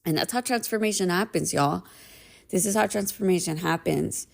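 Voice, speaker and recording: A woman in her thirties talks straight to her listeners in a low, gravelly voice with plenty of fry. She tells her story candidly and emphatically, cursing freely and tagging her points with "right?". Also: normal speed. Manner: candid and emphatic, swears, says "right?" often. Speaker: podcast host. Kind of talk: casual storytelling monologue.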